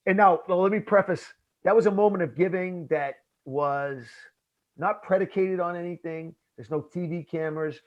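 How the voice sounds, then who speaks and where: Animated storytelling man, lo-fi sound. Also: sits high, measured pace. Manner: animated, acts out his own past lines, says bro. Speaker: podcast host. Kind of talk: casual storytelling conversation.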